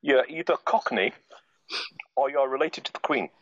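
A man in relaxed podcast chat, his pitch jumping about lively as he rambles through loose, filler-heavy sentences. The audio is dull and lo-fi, and very dry with no room sound at all. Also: moderate pace, no echo. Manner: rambling, many "you know" fillers. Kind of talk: casual chat.

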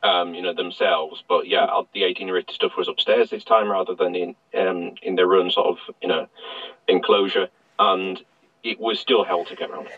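A man on a casual podcast panel, rambling and halting but opinionated. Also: deep voice, fairly even intonation. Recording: dull, dry lo-fi mic.

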